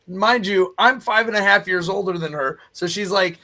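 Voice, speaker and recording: A man's voice: high voice, moderate pace, sharp tone. A man who is a pastor chatting on a faith talk show, laughing often and restarting his sentences.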